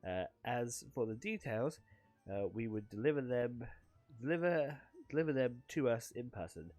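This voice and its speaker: Brief: man voicing a composed female game mentor, read flat and low-key, barely put on. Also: normal speed, no room sound, faint music behind, close to an everyday voice. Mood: calm.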